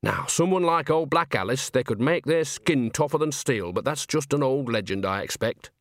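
A man's voice: mid-range voice, expressive, normal speed, no room sound, clean studio sound, natural voice. A man voicing a cheerful, earthy old woman witch who talks in a rambling, folksy, sly way. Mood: chatty. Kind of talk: audiobook character voice.

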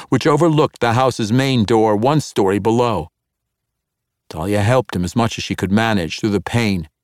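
A man's voice: medium pitch, no echo. Male audiobook narrator, dry studio sound. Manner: measured, expressive reading. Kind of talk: scripted fantasy narration.

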